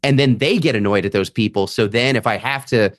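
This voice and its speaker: A man's voice: mid-range voice, fairly quick, no room sound, studio quality. A man, a comedian guest on a podcast, telling stories in casual chat and acting out other people's lines as he goes. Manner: animated, acts out audience members' voices in quotes.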